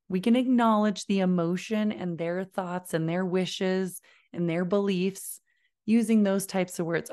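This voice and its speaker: A woman giving a parenting lesson, talking in a calm, deliberate way and modeling slow, low phrases. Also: clean tone. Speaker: parenting educator. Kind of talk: instructional talk to camera.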